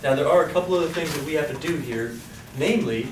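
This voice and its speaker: In an echoey room captured by a distant mic with background noise, a man teaches statistics in a voice on the high side. He talks quickly with hardly any pauses, staying upbeat while quizzing students and drawing out their answers.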